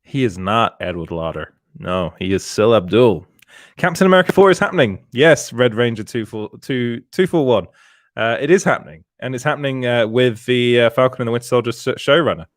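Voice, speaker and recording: A man's voice: medium pitch, expressive, brisk, no echo, studio quality. A man co-hosting a casual live stream, reading out chat comments and laughing often between restarts. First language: French. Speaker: podcast co-host.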